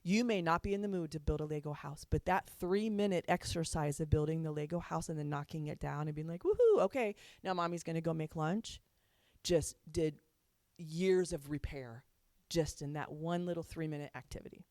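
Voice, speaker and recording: A woman's voice: low-pitched, steady tone, normal speed, darkish tone, no room sound, clean studio sound. A woman counselor giving a chatty talk on parenting to an audience, laughing often as she makes her points.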